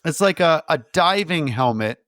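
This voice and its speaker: A man's voice: fairly high pitch, expressive, moderate pace, fairly bright tone, dry recording, studio quality. A man co-hosting a casual movie podcast, animatedly acting out scenes and lines in voices. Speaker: podcast co-host. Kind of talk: casual movie review chat.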